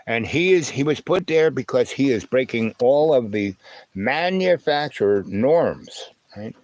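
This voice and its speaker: A man hosting a casual livestream on an old phone, talking in a halting, rambling way full of fillers and "right?", with a slight lisp and twang. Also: medium pitch, animated, a little mellow, no room sound. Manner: halting, filler-heavy, asks "right?" often. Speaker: livestream host.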